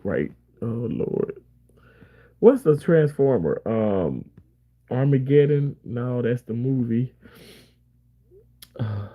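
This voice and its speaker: A man chats casually on a live stream, reading viewer comments aloud and rambling with frequent laughter. His voice has a medium pitch, and the audio is narrow and tinny.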